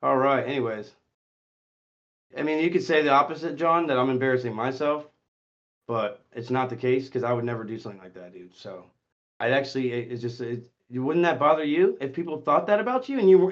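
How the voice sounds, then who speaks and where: A man hosting a voice chat stream, talking in a profane, confrontational way that swings between muttering and shouting. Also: mid-range voice, fairly quick, dull audio. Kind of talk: heated casual voice chat.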